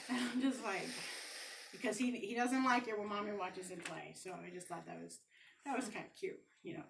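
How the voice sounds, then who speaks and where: A woman's voice: medium pitch, fairly quick, creaky, distant mic, noisy background. A woman in her forties doing stand-up comedy, telling rambling, self-deprecating stories about her family with many fillers. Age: 40s. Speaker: amateur stand-up comic.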